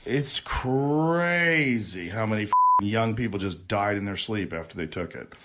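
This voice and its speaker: A man's voice: fairly low pitch, expressive, measured pace, noisy background. A man ranting on a casual podcast, profane, mocking and combative. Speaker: podcast host.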